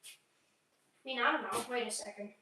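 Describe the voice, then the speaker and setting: A young woman with a high voice chats on a casual livestream. She rambles and mutters to herself while she cooks and eats, swearing offhand. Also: measured pace, pushed and bright, roomy sound, far from the mic. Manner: rambling, talks to herself while cooking and eating. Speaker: streamer.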